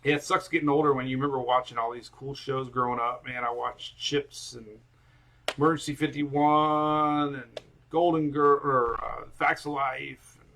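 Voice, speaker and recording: A man's voice: mid-range voice, vocal fry, pushed and bright. A man hosting a casual weather live stream from home on his phone camera, rambling and chatty as he talks to viewers and his dogs.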